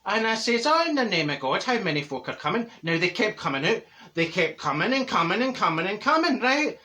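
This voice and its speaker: A man puts on a full character voice as a chatty, brash middle-aged Glasgow woman with a Glaswegian Scottish accent, telling gossipy stories to camera in a comic monologue. He's very animated and brisk, with a high-pitched, bright, forceful tone. The delivery is exaggerated, with bursts of laughter and theatrical outbursts.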